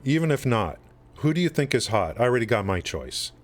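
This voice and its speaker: A man's voice: mid-range voice, very animated, fairly quick. A man hosting a live game stream, chatting loosely with his viewers, rambling with many restarts and fillers. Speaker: livestream host. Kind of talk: casual chat with stream chat.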